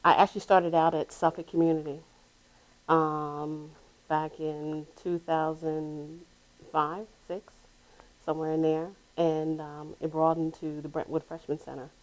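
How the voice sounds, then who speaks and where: A woman who founded a youth mentoring program, answering interview questions in a halting way with frequent restarts. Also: sits low, little pitch movement, poor audio. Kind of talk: casual interview.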